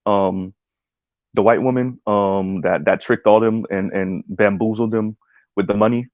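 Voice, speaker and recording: A man's voice: on the low side, steady tone, measured pace, no room sound, narrow, tinny audio. A man giving casual livestream commentary on a video essay, rambling with many ums and tagging his points with "right?". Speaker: streamer reacting to a video essay.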